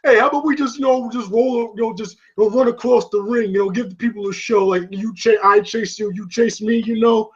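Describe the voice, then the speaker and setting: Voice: medium pitch, steady tone, brisk, hardly any pauses, slightly rough, dull audio, lightly acted. A movie reviewer voicing a cocky male boxer who taunts his rival in a casual, teasing way.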